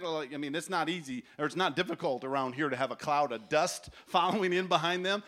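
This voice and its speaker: Animated high-voiced man preaching. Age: 40s. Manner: animated storytelling, acts out voices. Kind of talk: sermon. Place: large tent festival gathering.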